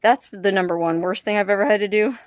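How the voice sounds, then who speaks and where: A woman's voice: mid-range voice, quick pace, dry recording. A young adult woman vlogging casually, distressed and apologetic, with nervous laughs. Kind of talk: casual vlog talk to camera. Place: hot house and shaded yard.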